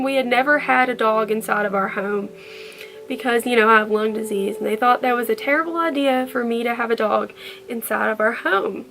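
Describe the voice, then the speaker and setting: A woman's voice: fairly high pitch, a little fast, vocal fry, fairly bright tone, slight background noise. A woman telling a personal story in a vlog, earnest and heartfelt. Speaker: vlogger.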